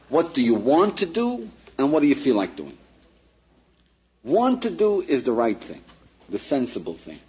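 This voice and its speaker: A man teaching a class as a rabbi, in a lively lecture style, acting out little dialogues and putting questions to his listeners. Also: mid-range voice. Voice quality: husky. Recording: dull lo-fi archive lecture recording.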